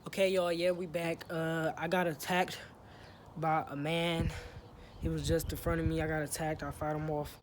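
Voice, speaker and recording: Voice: mid-range voice, level tone, moderate pace, very noisy. A vlogger talking casually and playfully to the camera outdoors in the sun, joking around with slang. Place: outdoors in sun, near a truck.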